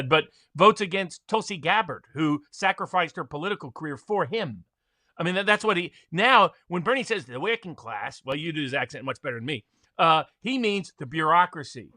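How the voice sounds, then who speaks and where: Forceful, bright-voiced man ranting. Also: a little high, no echo. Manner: forceful, ranting, mocking quotes. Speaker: constitutional attorney, co-host. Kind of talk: animated political commentary.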